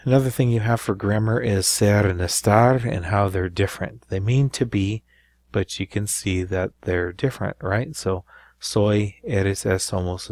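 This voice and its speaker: A man with a low voice explains grammar in a recorded lesson. He walks through each point patiently, often pausing to ask "right?". The sound is close and dry. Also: darkish tone, dry recording. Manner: explanatory, repeats with frequent "right?". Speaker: Spanish teacher.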